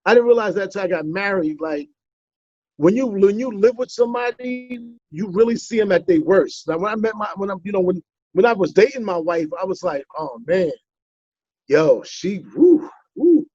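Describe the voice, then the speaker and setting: Animated New comedian, high voice. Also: male voice, moderate pace, no room sound, lo-fi sound. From the Bronx, New York. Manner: animated storyteller, playful teasing. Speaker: comedian guest. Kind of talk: casual interview chat.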